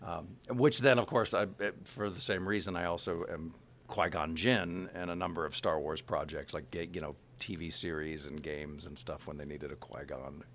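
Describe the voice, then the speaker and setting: A middle-aged male voice actor chatting in an interview, animated and full of fillers. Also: low-pitched, normal speed, slight background noise. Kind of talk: casual interview chat.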